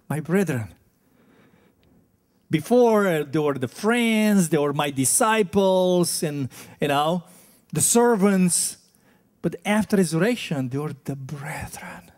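Slow, earnest preaching man. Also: fairly high pitch, a little mellow. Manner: conversational, earnest preaching with frequent fillers. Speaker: pastor. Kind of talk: sermon. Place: church hall.

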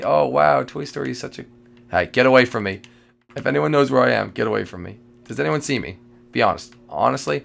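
A man giving live commentary while playing a multiplayer game, jittery and excitable, repeating phrases and breaking into sudden loud outbursts. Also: mid-range voice, a little fast, gravelly. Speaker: gamer playing a multiplayer survival match.

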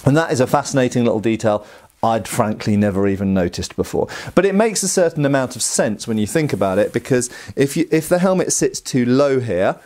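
A man's voice: mid-range voice, animated, fairly quick, darkish tone. A middle-aged man with an English accent hosts a casual educational talk, chatty and digressive. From England. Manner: chatty and digressive, with lots of ums and uhs. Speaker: host.

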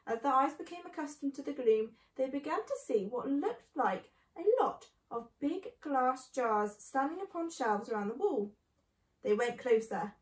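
Brief: woman storyteller reading a children's book aloud, high voice, echoey room. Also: measured pace, far from the mic. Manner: expressive.

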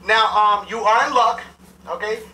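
A man's voice: sits high, steady tone, moderate pace, pushed and bright. A man playing a sloppy, crude clinic doctor who talks in a brash, offhand way. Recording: roomy, distant with faint noise.

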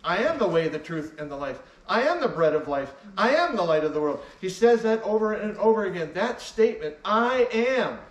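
A man's voice: sits high, big pitch swings, normal speed, few pauses, echoey room, distant mic, lo-fi sound. A man preaching a sermon as pastor, emphatic and repeating key phrases for weight. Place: church sanctuary.

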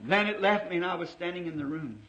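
A fervent man of middle age with a high, ringing voice preaches and tells a story from the pulpit, leaning hard into the telling and drawing out the words that matter. The sound is dull and lo-fi, like an old sermon tape. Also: lively intonation, a bit bright. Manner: fervent, dramatic, slows down to stress words.

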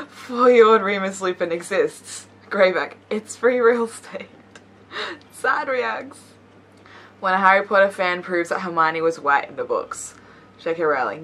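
A woman's voice: medium pitch, animated, a little slow, fairly bright tone, a little hiss or hum. A young woman YouTuber reading memes aloud with playful commentary, giggling often and teasing herself. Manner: giggly, laughs between lines; playful, self-mocking asides.

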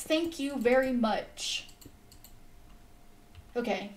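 A slightly high-voiced woman streamer chatting her way through a game, exasperated and quick to yell at it and her viewers. She talks at an unhurried, drawn-out pace. The mic sits a good way off in an echoey room. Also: a little hiss or hum. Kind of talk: casual live-stream gaming chat.

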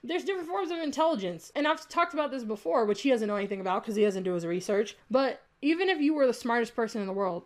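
A young woman hits back at a critic in a heated, sarcastic vlog rant, swearing freely. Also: a little high. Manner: indignant, profane, sarcastic. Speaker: YouTuber responding to a critic. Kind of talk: heated rebuttal rant to camera.

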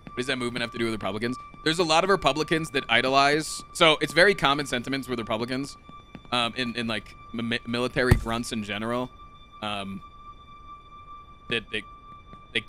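A young man streaming a game live, talking to his chat in an excitable, profane, rambling way. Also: medium pitch, brisk, faint music behind. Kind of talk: casual live-stream commentary.

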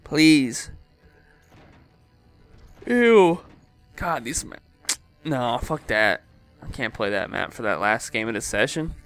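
A man's voice: medium pitch, expressive, moderate pace, pushed and bright, soft background music. A young man giving live gameplay commentary, swearing often and breaking into frustrated outbursts.

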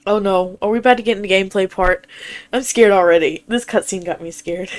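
A woman's voice: medium pitch, fairly quick. A young woman streaming a horror game, chatting casually and reacting in a jumpy, squeamish way. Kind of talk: live gameplay reaction.

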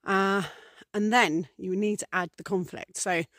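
A woman's voice: medium pitch, steady tone, a little slow, a bit bright, dry recording. Woman vlogger, loose rambling chat to camera, lots of ums, acts out little scenes. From England. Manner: chatty and rambling, many fillers, voices little acted scenes. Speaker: priestess and vlogger. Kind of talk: casual talk to camera.

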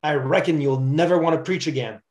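A man's voice: a little high, brisk, darkish tone, close to an everyday voice. A man reading aloud the lines of a harsh slave master from a story in a sermon. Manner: read aloud from a story, commanding. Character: harsh male slave master, later broken.

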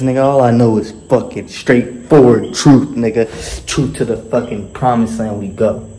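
Male vlogger-coach, mid-pitched voice, cocky swagger, cusses constantly, slangy motivational rant. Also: fairly even intonation, moderate pace, dark tone. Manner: boastful and heavily profane. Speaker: fitness and mindset coach. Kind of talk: motivational vlog monologue.

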